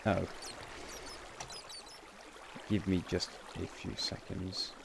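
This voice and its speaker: Man, deep voice, gravelly, casual gameplay commentary, wry asides. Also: level tone, drawn-out words, background noise. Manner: rambling, self-correcting, wry asides. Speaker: game channel host.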